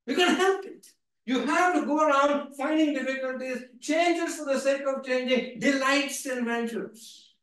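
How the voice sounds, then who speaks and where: A man's voice: extremely high pitch, unhurried, fairly bright tone, far from the mic. Playful, emphatic man in an echoey hall. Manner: playful, emphatic, with many repeated "right?" tags. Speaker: guest speaker. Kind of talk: animated seminar lecture. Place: lecture hall.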